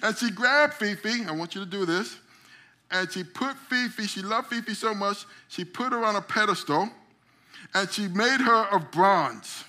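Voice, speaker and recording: A middle-aged man teaches a group a memory drawing lesson, animatedly acting out short stories and doing voices along the way. His voice sits high and he speaks at a normal speed.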